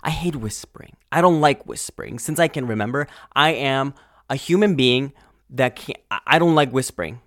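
A man's voice: mid-range voice, normal speed, dry recording, studio quality. A young man hosting a casual podcast, ranting with lots of swearing and trailing off mid-sentence. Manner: animated, swears a lot, trails off and restarts. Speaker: podcast host.

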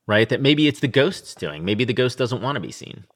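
A man's voice: mid-range voice, very animated, moderate pace, a bit bright, husky. A man co-hosting a casual podcast, explaining scenes and reading verse aloud in between. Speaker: podcast co-host. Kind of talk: casual literary discussion.

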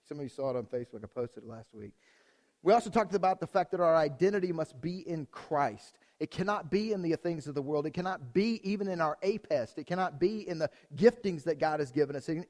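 Energetic man preaching a casual sermon. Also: on the high side. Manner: energetic, repeats phrases, frequent restarts; addresses the congregation directly. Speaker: pastor. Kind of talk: conversational sermon.

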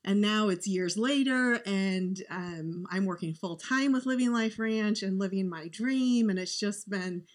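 A woman's voice: medium pitch, a little slow, hardly any pauses. Earnest woman telling a heartfelt story. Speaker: podcast guest. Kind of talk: conversational storytelling.

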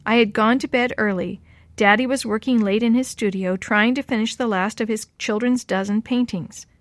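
A woman's voice: on the high side, steady tone, normal speed, no room sound, natural voice. Woman voicing kindly lonely old lady. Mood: wistful. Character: lonely elderly woman, kind and wistful. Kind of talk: audiobook character reading.

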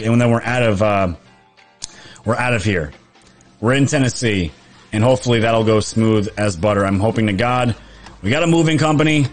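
A man, chatting casually on a live stream, reading viewer comments, laughing often and restarting his sentences. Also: medium pitch. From New York.

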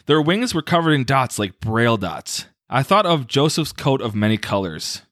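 A man hosting a casual podcast, reading a story aloud in a lively, varied voice. He keeps stepping out of the text for quick jokes. The sound is dry and close. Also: mid-range voice, dry recording. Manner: reads aloud, breaks off for jokey asides.

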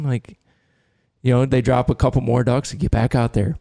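A man hosting a podcast, telling a long story in a casual, animated way and laughing now and then. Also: mid-range voice, brisk, creaky, no room sound, clean studio sound. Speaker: podcast host and dog trainer.

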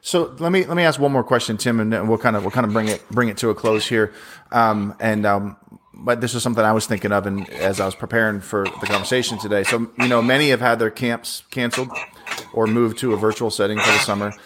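A man's voice: fairly low pitch, steady tone, fast, noisy background. A man hosting a podcast, affirming his guest and asking questions. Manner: encouraging, affirming. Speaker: podcast host. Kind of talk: casual podcast conversation.

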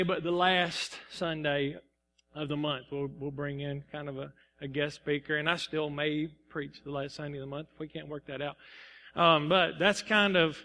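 Earnest, halting male pastor. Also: sits high, sharp tone, big-room sound. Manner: halting and earnest, many fillers and restarts. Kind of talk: sermon. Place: church sanctuary.

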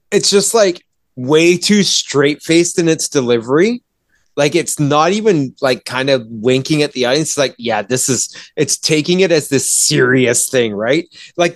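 Brief: male podcaster, mid-pitched, annoyed profane rant with mocking quoted voices, dry recording. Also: no room sound. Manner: exasperated, profane, acts out characters in quoted voices. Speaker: movie reviewer.

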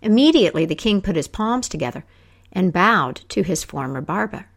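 A woman telling a folk tale aloud, acting out the characters with lively voices. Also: fairly low pitch, moderate pace, gravelly. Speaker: storyteller. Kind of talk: oral storytelling.

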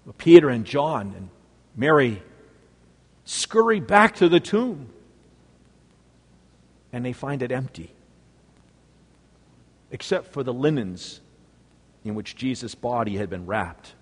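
Slow, dramatic male preacher in a hall. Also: medium pitch, big pitch swings, slightly rough. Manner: sweeping swings between loud exclamation and hushed near-whisper. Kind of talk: dramatic sermon storytelling.

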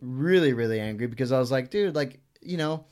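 A man spins a long personal story in a relaxed podcast chat. His voice sits at an everyday middle pitch. He rambles on, leans on "like" and acts out what people said, and curses freely along the way. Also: a little fast. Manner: rambling, full of "like" and acted-out quotes; swears freely. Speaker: guest. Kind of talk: casual storytelling.

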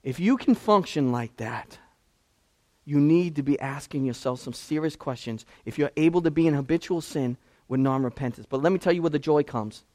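A man's voice: a little high, moderate pace, a little mellow. A man, a pastor, preaching a conversational sermon that swings from casual asides to impassioned climaxes.

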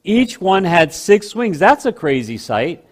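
A man preaching a sermon, slowing down to stress key phrases and swinging between loud and hushed delivery. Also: high voice, very animated.

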